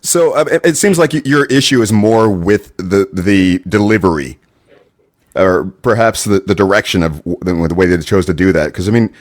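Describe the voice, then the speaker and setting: A man's voice: deep voice, normal speed. A man co-hosting a casual podcast discussion, reasoning through a point hesitantly with many restarts. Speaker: podcast co-host.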